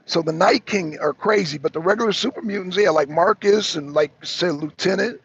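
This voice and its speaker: A man's voice: high-pitched, a little fast, gravelly, slightly rough, muffled recording. A truck driver calling in from his parked cab, chatting casually and profanely, rambling and cutting himself off. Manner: profane, rambling, self-interrupting. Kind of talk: casual chat.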